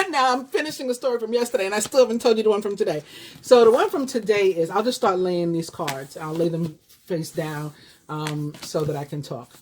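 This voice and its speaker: A woman's voice: mid-range voice, fairly quick, a little hiss or hum. Chatty New York woman in her fifties. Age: 50s. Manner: chatty, rambling, many fillers and restarts. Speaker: tarot reader. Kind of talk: casual storytelling to viewers.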